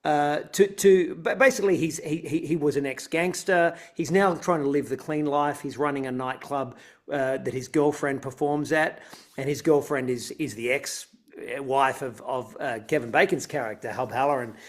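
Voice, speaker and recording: An Australian actor chatting easily as an interview guest, relaxed and talkative, with light laughs in his answers. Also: mid-range voice, normal speed. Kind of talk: casual interview chat.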